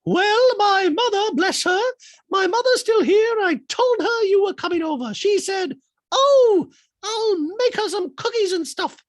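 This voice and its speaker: A man voicing a high-pitched reality star who keeps making robot beep noises. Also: expressive, measured pace, no echo, clean studio sound. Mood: mocking. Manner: shrill, squeaky, peppers talk with robot beeps.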